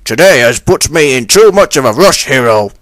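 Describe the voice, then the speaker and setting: A man voicing a flustered, hurried male railway boss in a fan audio story, brisk and commanding. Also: medium pitch, animated, dry recording, natural voice. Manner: brisk, commanding, loud bursts.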